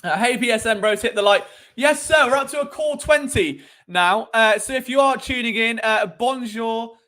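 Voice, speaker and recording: A young man with a British accent rambles through a casual sports live stream, teasing and joking as he goes. His speaking voice sits high for a man. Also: normal speed, pushed and bright. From Britain. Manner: cheeky, rambling, jokey. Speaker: sports show host.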